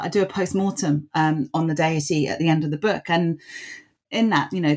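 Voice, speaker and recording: A woman author and scholar with a lowish voice answers interview questions at length. She's thoughtful, with plenty of ums and little laughs at herself.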